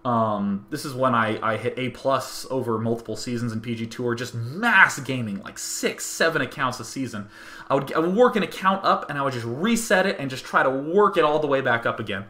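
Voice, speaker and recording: Bright, animated young man telling a story. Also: mid-range voice, fairly quick. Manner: animated, rambling, many restarts. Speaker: host. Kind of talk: casual storytelling monologue.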